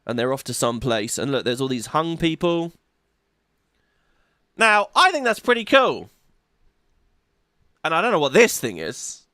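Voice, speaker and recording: A gaming YouTuber making playful, comedic commentary on a game trailer, swearing casually and acting out voices. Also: male voice, a little high, sing-song, measured pace, long pauses, sharp tone, no room sound, clean studio sound.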